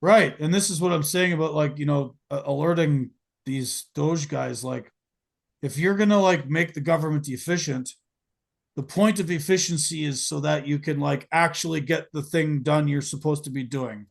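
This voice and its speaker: A man's voice: a little high, moderate pace, creaky. A man hosting a podcast, talking casually in long, rambling runs full of fillers and restarts. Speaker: podcast host.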